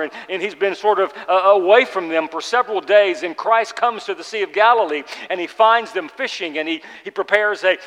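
Pastor, male, slightly high-pitched, preaches earnestly with loud-soft swings, long church-hall reverb. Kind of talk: sermon. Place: church sanctuary.

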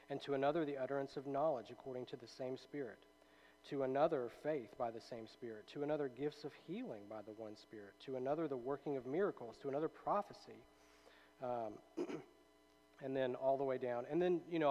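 A man's voice: mid-range voice, darkish tone, rough recording. A man teaching a Bible study in a loose, conversational way, reading passages aloud and checking in with his listeners. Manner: conversational, with many fillers and tag questions.

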